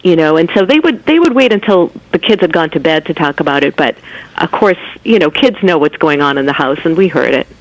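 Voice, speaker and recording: Thoughtful woman guest, measured delivery, dry phone-line audio. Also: sits low, expressive, no echo. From United States. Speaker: guest author, physician. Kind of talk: phone interview.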